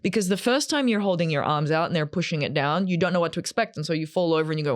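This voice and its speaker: A woman in her thirties telling a personal story to camera in a chatty, animated way, acting out what people said. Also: lowish voice, rapid-fire, few pauses, no room sound, clean studio sound. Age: 30s. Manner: chatty and animated, acts out quotes. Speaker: vlogger.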